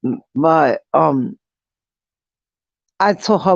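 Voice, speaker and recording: A slow, unhurried vlogger telling a story to the camera, laughing through it and cursing with ease. The sound is dry and a little dull, like a basic home recording. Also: mid-range voice, no room sound. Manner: animated, laughing often, swears freely. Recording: dull, slightly lo-fi dry audio.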